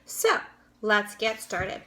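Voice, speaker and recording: Lively woman teacher reading aloud. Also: mid-range voice, takes it slowly. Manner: lively and expressive, talking to young children. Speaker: third-grade teacher. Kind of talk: read-aloud for children.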